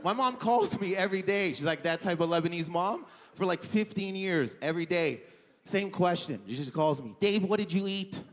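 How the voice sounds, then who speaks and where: A man's voice: sits high, expressive, moderate pace. Rambling young male stand-up comedian. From Canada. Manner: rambling, lots of "like", self-deprecating. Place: comedy club stage with audience. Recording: live comedy hall reverb.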